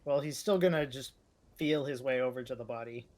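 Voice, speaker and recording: A man's voice: medium pitch, brisk, darkish tone. A man playing a character in a tabletop game, loose and joking, acting out his character's lines. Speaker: player. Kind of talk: casual tabletop role-play.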